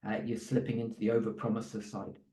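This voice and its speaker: A man's voice: fairly low pitch, completely flat delivery, fast, warm tone, reverberant, poor audio. A man giving a sales coaching talk to a live audience. He speaks conversationally and often stops to restart with fillers.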